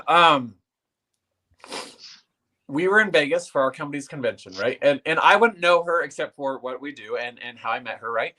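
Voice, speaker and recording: An earnest man speaks as a guest, his voice sitting a little high for a man. He tells a personal story with feeling, stumbling over and repeating words as he goes. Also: animated, moderate pace, pushed and bright.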